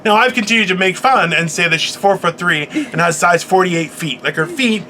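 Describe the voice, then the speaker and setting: A man co-hosting a casual morning podcast, animated and swearing freely, acting out other people as he tells stories. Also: sits high, moderate pace, background noise. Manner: animated, swearing, mimics others mid-story. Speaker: podcast co-host.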